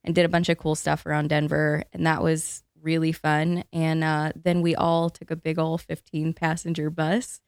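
A woman in her thirties chatting casually as a co-host, a lively storyteller who laughs between her sentences. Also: deep voice, moderate pace, hardly any pauses, smooth, dry recording, clean studio sound. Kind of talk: casual chat.

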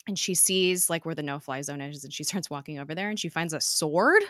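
Chatty low-voiced woman recapping. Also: lively intonation, fairly quick, a bit bright, no echo, clean studio sound. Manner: chatty, many "like"s and "um"s, quotes characters in her own voice. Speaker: episode recapper. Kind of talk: casual recap of a TV episode.

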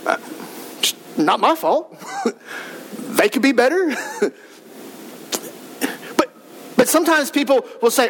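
A male pastor preaches with a strikingly high voice. He talks fast and with emphasis, rising to shouts as he drives his points home. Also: very animated, a little hiss or hum. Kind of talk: sermon.

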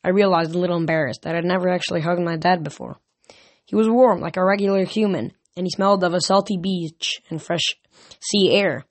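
A man's voice: high voice, fairly even intonation, a little fast, dry recording. A man reading a novel aloud casually, with small slips and restarts. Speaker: audiobook reader. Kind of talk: amateur audiobook reading.

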